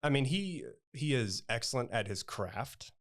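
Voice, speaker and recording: A man's voice: medium pitch, very animated, measured pace, a bit bright. A man stage actor talking in an interview, thoughtful and hesitant with many fillers. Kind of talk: casual interview chat.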